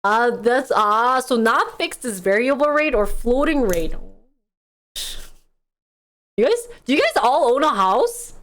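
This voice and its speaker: A young woman reads news aloud on a live stream in a slightly high voice. She chats casually between passages, laughs often and keeps turning to her viewers. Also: very animated, slow pace, long pauses, fairly bright tone. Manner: chatty, laughs often, addresses chat as guys.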